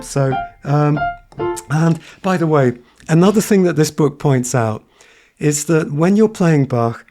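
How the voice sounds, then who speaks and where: A man's voice: a little high, animated, unhurried. Piano teacher, man in his 30s, talks then hums lines in "da da", piano playing under him. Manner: sings phrases on nonsense syllables while explaining. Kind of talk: piano tutorial. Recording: piano played behind speech.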